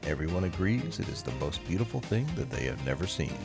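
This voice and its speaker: Swooping young game show host. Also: male voice, low-pitched, very animated, fast, over music. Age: young adult. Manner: showy, swooping announcer delivery. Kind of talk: comedy game show hosting.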